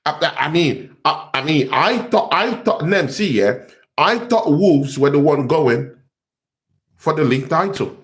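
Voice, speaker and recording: A man's voice: fairly high pitch, lively intonation, a little slow. A young man, host of a football fan channel, ranting in exasperation and repeating himself. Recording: echoey room.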